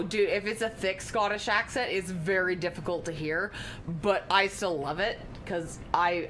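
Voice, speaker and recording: A woman's voice: on the low side, fairly bright tone. A woman streaming a game live, chatting casually in a rambling way and swearing freely.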